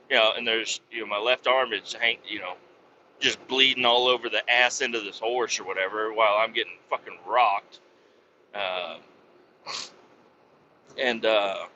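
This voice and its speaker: A man's voice: mid-range voice, pushed and bright, dull audio, slight background noise. A man hosting a podcast, telling an absurd story in a rambling, profane way with many fillers. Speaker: podcast host. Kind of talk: comic storytelling.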